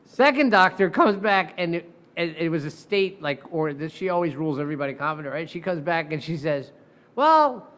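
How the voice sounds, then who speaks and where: Brief: high-pitched male lawyer, casual podcast storyteller, swears freely, plays out the voices of people he quotes. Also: a little fast. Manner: animated, profane, acts out quoted voices. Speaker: defense lawyer telling a courtroom story.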